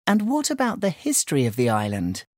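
A woman's voice: low voice, wildly swooping pitch, fairly quick, a little mellow, dry recording, clean studio sound, full character voice. A woman playing a curious young boy.

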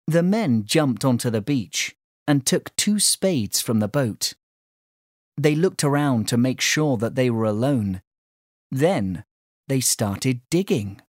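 A woman reading a children's story aloud, clear and measured. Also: a bass voice, lively intonation, darkish tone, no echo, clean studio sound.

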